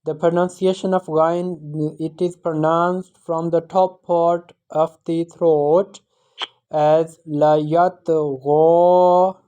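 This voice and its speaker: A woman's voice: lowish voice, flat delivery, takes it slowly, warm tone, rough recording. A woman teaching Quran recitation, patiently correcting and explaining pronunciation rules. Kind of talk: online tajweed lesson.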